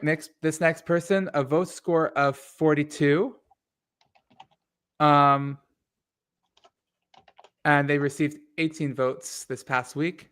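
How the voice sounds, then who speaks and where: A man's voice: on the high side, fairly bright tone. A man hosting a casual recap show, rambling through scores with fillers and restarts. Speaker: podcast host.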